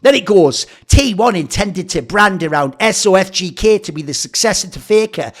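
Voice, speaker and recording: Guy ranting about esports, swears a lot, sarcastic, pretty high voice. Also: lively intonation, normal speed, few pauses. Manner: profane, sarcastic, heated. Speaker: esports commentator. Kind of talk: ranting commentary.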